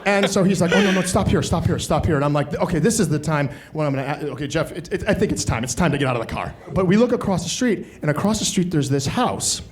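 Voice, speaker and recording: A man's voice: a little high, fast talker, few pauses, slight background noise. A man doing stand-up comedy, telling a long story and acting out the people in it. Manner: animated, acts out characters.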